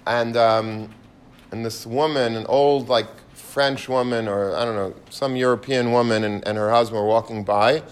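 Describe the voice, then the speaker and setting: A man preaches in an animated, storytelling way and sprinkles Yiddish and Hebrew words through his talk. His voice sits at an ordinary middle pitch for a man. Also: normal speed. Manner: lively storyteller mixing in Yiddish and Hebrew terms. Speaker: Torah speaker. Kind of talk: sermon with storytelling.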